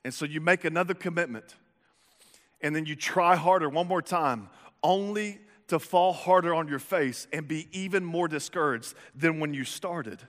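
Pastor guy preaching, lively and jokey, bit high pitched, bright tone. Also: moderate pace. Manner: animated, jokey, expressive. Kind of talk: sermon. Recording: echoey hall reverb.

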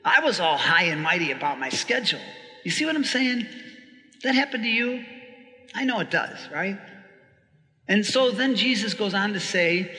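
A priest preaching in a loose, conversational way, quick to laugh and to ask his listeners if they follow. His voice sits high for a man and rings bright and forceful. A long reverb trails behind every phrase. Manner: chatty and animated, laughing often, asking listeners "right?". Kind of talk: conversational sermon.

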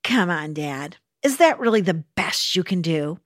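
A woman's voice: lowish voice, lively intonation, a little slow, dry recording, clean studio sound, voice pushed down. A woman voicing Jesus as an eager adult son who playfully coaxes his father, in a spoken sermon story. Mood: playful coaxing. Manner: playful, coaxing.

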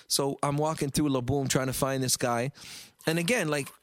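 A man telling a story in casual podcast chat, animated and profane, acting out the voices of the people in it. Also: medium pitch, normal speed, no room sound. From Canada. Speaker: guest storyteller.

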